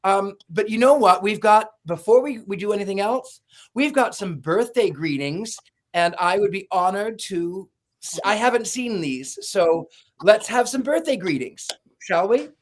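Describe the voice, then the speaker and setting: A man's voice: sits high, lively intonation, measured pace. A man hosting a casual livestream, chatting and telling stories with frequent restarts and repeated words. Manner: rambling, repeats words while starting sentences. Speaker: livestream host. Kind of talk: casual chat.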